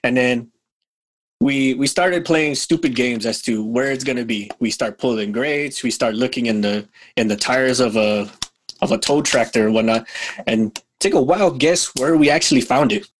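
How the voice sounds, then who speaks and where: Laughing, animated male podcast host. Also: mid-range voice, moderate pace, a little hiss or hum. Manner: animated storyteller, laughs often. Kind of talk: casual chat.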